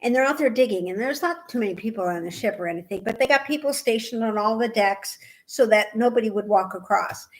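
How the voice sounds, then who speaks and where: Chatty older lady, kinda high voice, acts out everybody in her stories. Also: brisk, few pauses. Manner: animated storyteller, acts out voices. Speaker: podcast co-host. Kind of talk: casual chat.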